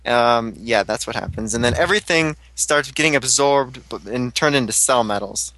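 A man with a bright, ringing voice at an ordinary middle pitch, chatting casually as he recaps an episode. He rambles from scene to scene in an excitable way and swears now and then. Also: normal speed, no echo, rough recording.

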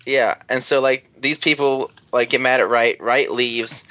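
A man in casual chat, retelling an episode in a loose, rambling way and tossing in the characters' lines as he goes. His voice sits at a middling pitch. The sound is dry and a little dull. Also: fairly even intonation, a little slow, bright, forceful tone, dry recording. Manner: rambling, acts out characters' lines, swears freely. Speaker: podcast co-host.

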